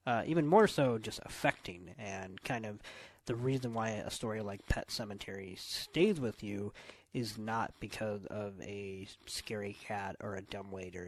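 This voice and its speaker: A man co-hosting a film podcast, analytical and thoughtful, pausing often with filler words. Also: lowish voice. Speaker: podcast co-host. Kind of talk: casual film review chat.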